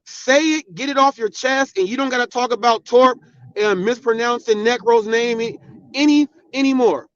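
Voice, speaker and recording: A man's voice: very high voice, moderate pace, no room sound. A man from the hosting his own channel, delivering a heated, confrontational commentary with emphatic repetition. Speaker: channel host. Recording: dull, dry lo-fi sound.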